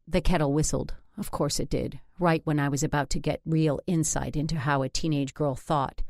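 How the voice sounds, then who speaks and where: Low-voiced woman narrating with wry humor. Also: a little mellow, no room sound, studio quality. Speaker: audiobook narrator. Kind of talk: scripted first-person narration.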